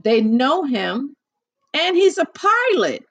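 Slow, gravelly woman chatting. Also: high voice, sing-song. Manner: chatty, repeats herself and restarts, acts out quotes. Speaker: commentator. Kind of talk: casual monologue.

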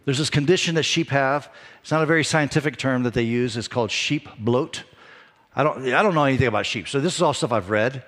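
Animated male pastor preaching in a hall. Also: mid-range voice, a little fast. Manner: animated, conversational preaching with self-deprecating asides. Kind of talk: sermon.

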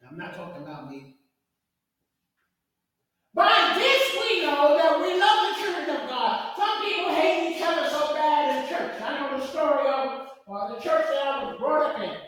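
High-voiced preacher in echoing hall. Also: male voice, sing-song, moderate pace, a bit bright. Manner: fervent preaching, repeats scripture with call-and-response questions. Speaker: pastor. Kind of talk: sermon. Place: church sanctuary. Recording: echoey church hall, distant mic.

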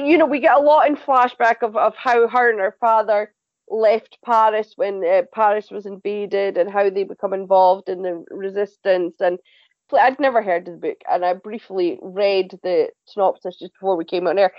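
A woman reviewing TV shows as a podcast panelist, chatty and animated, often stumbling and repeating words. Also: mid-range voice, dry recording, muffled recording. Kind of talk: casual review chat.

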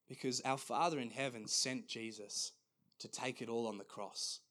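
Male pastor, mid-range voice, earnest sermon with halting restarts. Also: medium pitch, a bit bright.

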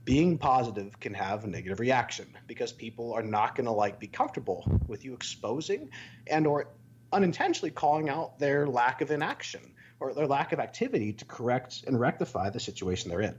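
Male co-host, emphatic and motivational, husky voice, dull lo-fi recording. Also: medium pitch, sing-song, brisk. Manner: preachy, emphatic, swears. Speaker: podcast co-host. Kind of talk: motivational podcast talk.

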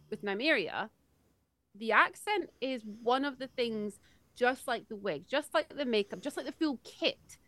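A woman's voice: fairly high pitch, a bit bright, no echo. A woman co-hosting a podcast, eagerly explaining from her own experience in a casual chat. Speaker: podcast co-host.

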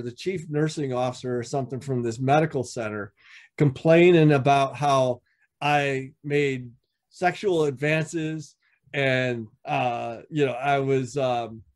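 Profane man telling biker stories. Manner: profane, acts out quoted dialogue with shifting pitch. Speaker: podcast guest, veteran motorcycle club member. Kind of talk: casual storytelling.

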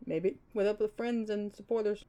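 A young woman hosts her own podcast, talking in a relaxed, mellow tone. She rambles from one thought to the next in an unscripted, chatty way. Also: medium pitch, normal speed. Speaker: podcast host. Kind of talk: casual solo podcast monologue.

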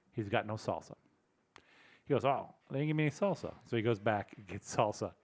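Rambling, storytelling podcast host man. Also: mid-range voice. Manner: rambling storyteller, acts out quoted people. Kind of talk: casual chat.

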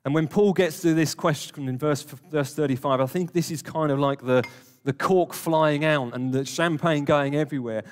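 A man's voice: a little high, moderate pace, hardly any pauses. A man preaching a sermon in a church hall, speaking in a conversational, earnest way and putting questions to the congregation. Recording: long hall reverb.

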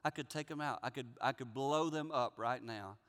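A man preaching voices God speaking in a soft, low, near-whispered, earnest way, in a reverberant hall. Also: normal speed, close to an everyday voice. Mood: solemn. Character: hushed low voice of God, gentle, patient.

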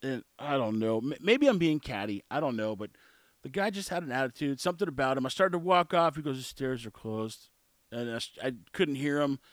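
A man's voice: medium pitch, animated, a little fast, no echo. A man in his forties telling a story in a casual monologue, blunt and opinionated, rambling with restarts. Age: 40s.

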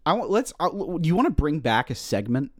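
A man in his late twenties co-hosting a podcast in casual comedic banter, playful with quick absurd riffs. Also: fairly high pitch, big pitch swings, dry recording, studio quality. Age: 20s. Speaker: podcast co-host.

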